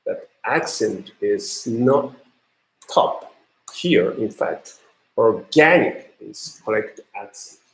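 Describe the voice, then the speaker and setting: Slow, halting lecturer in an echoey room. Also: male voice, on the low side. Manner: halting, many ums and uhs. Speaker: university lecturer. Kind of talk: classroom lecture on pronunciation.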